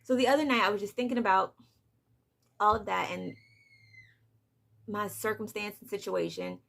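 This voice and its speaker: Gravelly-voiced young mother, close to tears. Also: mid-range voice, moderate pace. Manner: soft, hesitant, many "like" fillers, on the edge of tears. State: holding back tears. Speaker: vlogger, mother of two. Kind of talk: personal confessional vlog.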